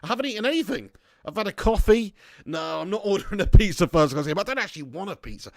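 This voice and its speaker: A man's voice: sits high, animated, quick pace, creaky, darkish tone, dry recording, clean studio sound. A man hosting a casual football watch-along stream, rambling through jokey banter and laughing often as he reads out viewer chat. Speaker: livestream host reading viewer chat.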